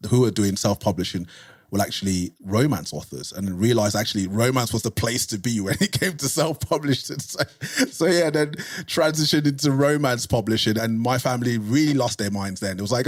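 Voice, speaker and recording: A man's voice: mid-range voice, fairly quick, dry recording, clean studio sound. A man chatting casually as a podcast guest, easygoing and laughing now and then. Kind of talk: casual chat.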